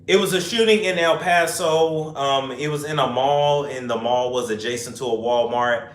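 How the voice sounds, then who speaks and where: A man's voice: mid-range voice, moderate pace. A young man hosting a casual livestream chat, reading viewer comments aloud and answering in rambling asides. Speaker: host. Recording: echoey room.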